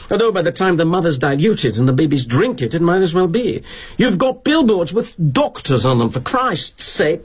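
A man's voice: sits high, slightly rough, voice pushed up, exaggerated voice. A man voicing an indignant young male employee with a British accent, sputtering accusations at his boss.

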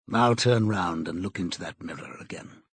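A man voicing a cold, commanding male interrogator who speaks in a slow, measured, contemptuous way, with a husky voice. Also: low voice, fairly bright tone, no echo.

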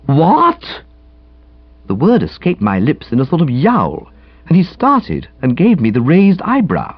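A man narrates a comic audiobook with a breezy, chatty delivery and hugely animated pitch swings. His voice has a slightly husky edge. The recording is dry and a bit dull in tone. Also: normal speed, no room sound. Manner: breezy, chatty, highly expressive reading.

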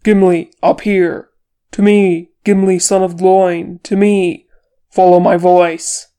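A woman voicing an old, stout male dwarf healer who calls out loudly in a storybook reading. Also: fairly low pitch, little pitch movement, takes it slowly, clean tone. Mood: urgent. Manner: shouting, commanding.

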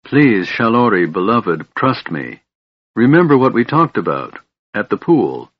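A man's voice: lowish voice, big pitch swings, measured pace, slightly rough, heavily acted. A man reading the part of a secretive young female wilder elf, earnest and pleading, in an audiobook. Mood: tender. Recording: muffled lo-fi recording.

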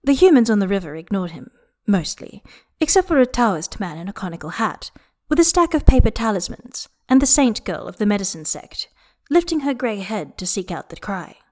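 A woman reading a story aloud as narrator, expressive and unhurried with lingering pauses. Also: mid-range voice. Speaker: audiobook reader. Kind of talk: scripted narration of fan fiction.

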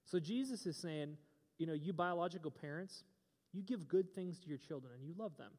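A man's voice: a little high, lively intonation, fairly quick, darkish tone. A young man giving a casual sermon, preaching in a conversational, joking way with playful asides. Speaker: pastor. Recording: long hall reverb.

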